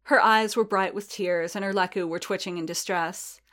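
A woman narrating a story in a steady, even reading voice. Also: mid-range voice, moderate pace. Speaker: reader.

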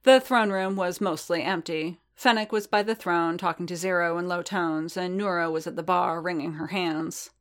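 Brief: woman narrator, lowish voice, steady storybook reading. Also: moderate pace, hardly any pauses. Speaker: reader.

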